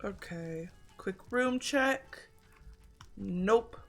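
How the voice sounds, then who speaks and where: A woman's voice: medium pitch, lively intonation, very slow, faint music behind. A woman streaming a video game, chatting casually and joking at her own expense, with a slightly congested throat. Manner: chatty, self-deprecating, swearing. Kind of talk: casual gaming commentary.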